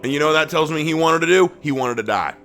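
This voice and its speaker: Dramatic preaching man, soft to loud. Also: a little high, soft background music. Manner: dramatic swings between loud emphatic bursts and slow hushed phrases; acts out quoted speech with lively shifts in voice. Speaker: Bible study teacher. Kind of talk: sermon-style Bible teaching.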